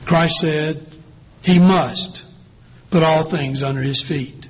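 Male pastor, husky slightly raised voice, slow measured sermon delivery. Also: fairly high pitch, fairly even intonation, poor audio. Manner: slow, deliberate preaching with drawn-out pauses.

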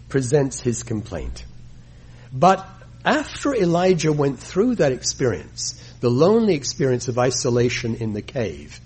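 Husky man preaching with dramatic swings. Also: a little mellow. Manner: dramatic reading of scripture with big swings in pitch and volume. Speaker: pastor. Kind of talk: sermon.

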